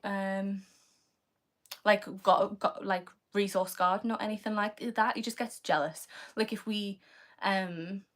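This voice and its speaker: A woman's voice: medium pitch, steady tone, slow, fairly bright tone. A young British woman chatting casually on a live stream, reading viewers' comments aloud and answering them in a loose, filler-heavy way. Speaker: livestreamer answering chat.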